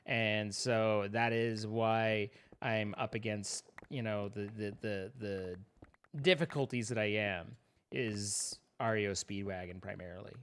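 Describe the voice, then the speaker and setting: A man's voice: on the low side, fairly even intonation, measured pace, a bit bright, clear, resonant tone. A man chatting casually while streaming a game, rambling and joking at his own expense. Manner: rambling, self-mocking joking to chat. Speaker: livestreamer. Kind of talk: casual gaming livestream chat.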